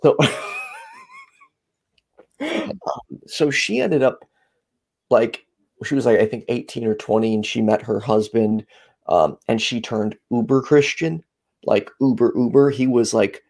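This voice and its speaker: A man's voice: mid-range voice, animated, a little slow, vocal fry, long pauses, a little mellow. A man hosting a podcast, telling a long story in a rambling, candid way. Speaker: podcast host. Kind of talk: casual chat.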